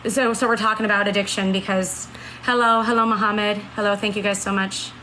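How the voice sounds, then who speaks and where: Woman, late thirties, bright, clear tone. Casual live-stream chat answering viewers, earnest, faint background hiss. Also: mid-range voice, little pitch movement, brisk, poor audio. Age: 30s. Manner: earnest, reads and answers comments.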